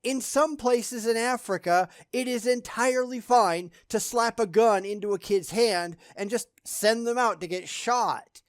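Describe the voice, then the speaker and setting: A man's voice: extremely high pitch, unhurried, hardly any pauses, dry recording, clean studio sound. A man giving sarcastic reaction commentary, blunt and scornful in how he talks.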